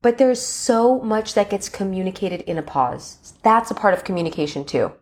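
A woman hosts a coaching podcast in a mid-pitched voice. She talks expressively and slips into lively acted-out examples. Her delivery is warm with enthusiasm but stays conversational. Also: moderate pace. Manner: expressive, acts out enthusiastic quotes. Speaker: podcast host. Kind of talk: coaching monologue.

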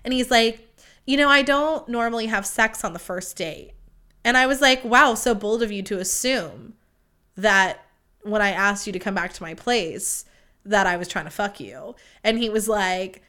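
A woman's voice: mid-range voice, moderate pace, clear, resonant tone. Chatty young woman podcaster, swears freely. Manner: chatty, profane, quoting others in lively voices. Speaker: podcast host. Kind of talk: casual storytelling monologue.

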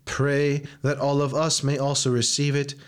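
A man chanting liturgical prayers in a solemn, steady recitation. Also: mid-range voice, normal speed. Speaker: reader of prayers.

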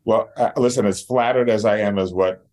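A man's voice: fairly low pitch, fairly even intonation, brisk, darkish tone. A male dentist and educator talking in a casual interview, blunt, fired-up and openly emotional.

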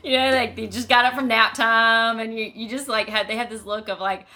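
A woman in her thirties co-hosting a casual podcast, laughing often as she tells animated stories about her children starting school. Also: on the high side, brisk, few pauses. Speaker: podcast co-host. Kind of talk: casual chat.

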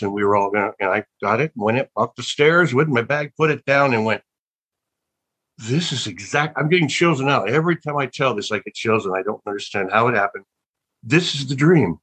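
An older man, an actor appearing as an interview guest, shares casual, meandering stories with many restarts and unfinished thoughts, his mood musing and reflective. His voice is fairly low, fairly bright and husky, on a rough recording.

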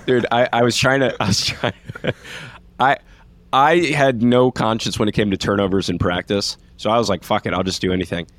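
Low-voiced man telling laughing stories. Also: moderate pace. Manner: laughing, profane, animated storytelling. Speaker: podcast co-host, former walk-on player. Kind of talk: casual storytelling chat.

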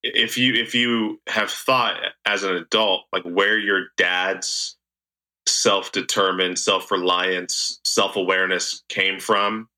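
Guy hosting a podcast, super bright tone, kinda halting questions full of likes. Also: deep voice, fairly even intonation. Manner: loose, halting questions with fillers. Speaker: host. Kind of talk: casual interview questions.

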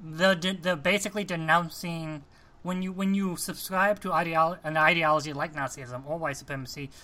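A man co-hosting a casual talk show about films, animated and often restarting his sentences. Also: fairly high pitch, fairly quick. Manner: animated, restarts often, acts out quoted lines. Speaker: podcast co-host. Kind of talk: casual film discussion.

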